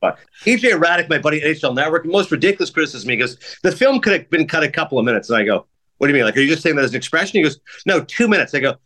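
A man co-hosting a casual podcast, reviewing films and telling animated stories with acted-out quotes. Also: a little high, rapid-fire. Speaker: film critic and co-host.

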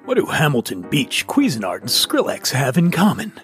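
A booming, overdone radio announcer, put on by a man reading an ad. The voice sinks well below his usual register and rolls out each line with mock grandeur. Soft music plays faintly underneath. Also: wildly swooping pitch, moderate pace. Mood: hammy.

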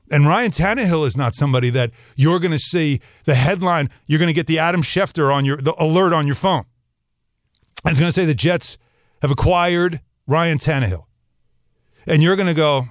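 A man's voice: high voice, dry recording, clean studio sound. A man hosting a sports talk show, talking straight to his listeners in an emphatic, opinionated monologue.

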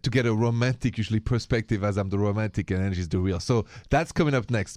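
A man's voice: fairly low pitch, fast, a little mellow, no echo, clean studio sound. French-accented man hosting a radio talk show. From France. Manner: chatty, easygoing, reads listener emails aloud. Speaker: radio co-host.

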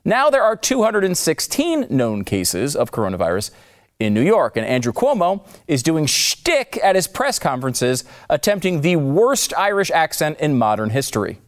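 A man's voice: fairly high pitch, huge pitch swings, normal speed. A man hosting scripted political commentary, sarcastic and mocking with emphatic swings in delivery.

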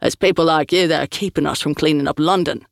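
In this audiobook, a burly tattooed street thug , as the narrator puts him on, speaks in an aggressive, sneering way. The voice stays dry and close, with no room around it. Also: male voice, a little high, steady tone, fast talker, creaky, no echo. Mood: menacing.

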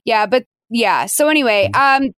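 A woman hosting a podcast in casual chat, talking in a chatty, animated way with lots of fillers. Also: fairly high pitch, moderate pace, no room sound. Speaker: podcast host.

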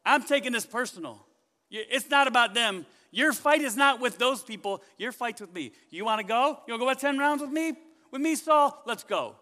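God as a confrontational male deity, loud and taunting, raised well above the speaker's own pitch with a bright, forceful edge, as a preacher puts him on. The voice rings out in a long hall reverb. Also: normal speed. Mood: challenging. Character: confrontational male God, challenging a persecutor to fight.

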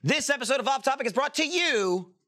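A man reads a sponsor spot in a casual, joking manner. His voice sits high and bright. It swings up and down as he plays with the lines. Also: animated, brisk. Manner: jokey, offhand. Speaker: podcast host reading an ad. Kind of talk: casual ad read.

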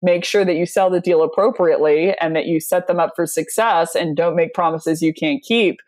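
A woman guest speaking casually on a sales podcast, telling stories with plenty of fillers and frequent laughter. Her voice sits a bit low. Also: steady tone, normal speed, a little mellow. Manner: chatty, anecdotal, laughs often, many fillers. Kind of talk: casual conversational interview.

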